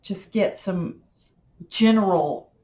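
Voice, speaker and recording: Middle-aged woman, folksy chatty manner, slow talk, echoey home room. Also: medium pitch, background noise. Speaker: crafting vlogger. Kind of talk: casual chat while crafting.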